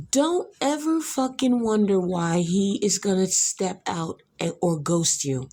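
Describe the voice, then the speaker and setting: A woman's voice: mid-range voice, slow, few pauses, warm tone. A woman hosting a podcast, giving rambling reaction commentary, exclamatory and profane, repeating herself. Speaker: podcast host reacting to a video.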